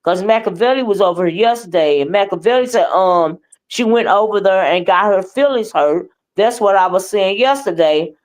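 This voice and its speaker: A woman's voice: mid-range voice, expressive, moderate pace. A woman hosting a live stream, giving heated, profane commentary in a blunt, scolding manner.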